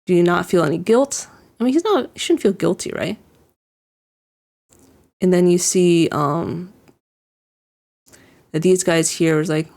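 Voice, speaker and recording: A woman with a gravelly, lowish, slightly mellow voice talks at a moderate pace, leaving long pauses, as she reacts casually to an anime episode. She wanders through her thoughts with many "likes" and restarts, chuckling over the scenes.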